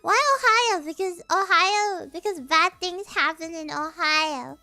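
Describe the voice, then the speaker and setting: A woman's voice: very high-pitched, measured pace, bright, forceful tone, faint music behind. A woman streamer explaining slang in a casual, giggly, rambling way, often restarting her sentences.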